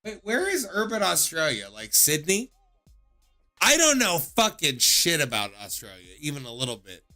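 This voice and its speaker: A man's voice: a little high, huge pitch swings, normal speed, pushed and bright, soft background music. A man hosting a call-in stream, chatting casually in a loose, joking, profane way. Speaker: call-in show host.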